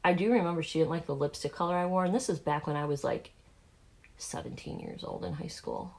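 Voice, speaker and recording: A woman's voice: deep voice, very animated, fairly quick, vocal fry, a little mellow. A woman in her forties with a Southern accent, talking candidly and rambling through fillers while doing her makeup. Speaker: beauty vlogger.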